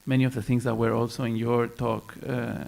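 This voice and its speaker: A man's voice: mid-range voice, little pitch movement, brisk, creaky, a little mellow. A man speaking on a panel at a round-table discussion, thoughtful and hesitant, with many fillers and restarts.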